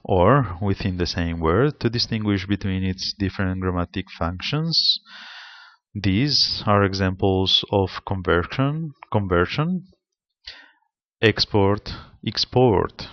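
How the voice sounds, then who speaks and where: Slow, measured Spanish-accented male lecturer. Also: deep voice, animated, no room sound. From Spain. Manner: slow, deliberate, explanatory delivery. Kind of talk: seminar lecture on pronunciation. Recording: slightly dull lo-fi sound.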